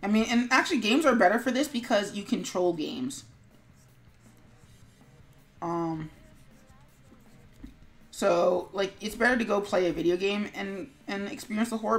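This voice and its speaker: A woman streamer with a mid-range voice speaks at normal speed with long pauses while she works on an animation. Chatting casually to viewers, she rambles, fills in with lots of fillers, and mumbles to herself.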